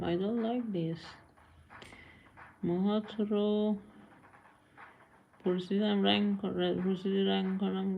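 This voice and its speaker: A woman's voice: mid-range voice, vocal fry, phone-quality sound, a little hiss or hum. A woman live streamer chatting casually with viewers, blunt and scolding, answering comments and switching between languages.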